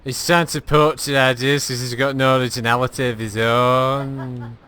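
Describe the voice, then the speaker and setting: A man's voice: medium pitch, level tone, moderate pace, bright, forceful tone, a little hiss or hum. A man chatting and joking while streaming a game, with a lot of swearing. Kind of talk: live gameplay chat.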